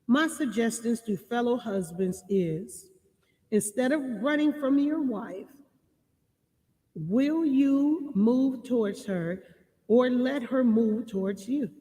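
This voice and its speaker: A woman giving relationship advice to her viewers, reading passages and repeating key lines slowly for emphasis. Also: a little high, lively intonation, warm tone, long reverb tail. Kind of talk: reading and commenting on a marriage book.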